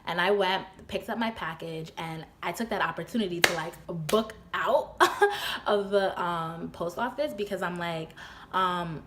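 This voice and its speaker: A young adult woman telling a storytime vlog, chatty and full of fillers, her voice jumping high when she quotes her own disbelief. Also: moderate pace, noisy background. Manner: chatty, filler-heavy, often laughing. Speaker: vlogger. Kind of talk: storytime retelling.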